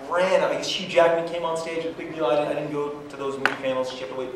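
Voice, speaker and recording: A man on a convention panel, telling animated stories and acting out quotes in bursts of high pitch. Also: fast talker, very noisy. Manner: energetic, acts out quotes with sudden high-pitched outbursts. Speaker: comics creator on a convention panel. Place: large convention hall. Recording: echoey hall from far off with crowd.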